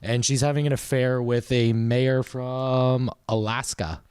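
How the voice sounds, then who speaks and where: A man's voice: medium pitch, flat delivery, measured pace, a little mellow, clear, resonant tone. A man co-hosting a podcast, casually telling a story and swearing freely. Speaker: podcast co-host. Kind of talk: casual chat.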